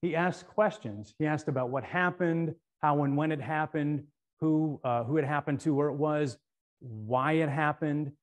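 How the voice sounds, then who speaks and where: A middle-aged man speaking at a conference, telling a story in an animated way and often repeating words as he gets going. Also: on the high side, measured pace. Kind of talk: storytelling keynote talk.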